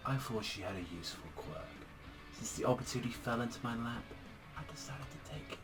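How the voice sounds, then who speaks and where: A man putting on a smooth, quiet villain voice. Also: mid-range voice, lively intonation, brisk, soft background music, close to an everyday voice. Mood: cold, calm. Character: smooth, calm, menacing male villain mastermind. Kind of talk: quoting a manga villain aloud.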